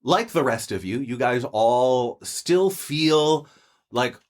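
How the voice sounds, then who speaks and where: A man's voice: mid-range voice, animated, takes it slowly. A man narrating a tabletop game as game master, in a loose, casual way with fillers.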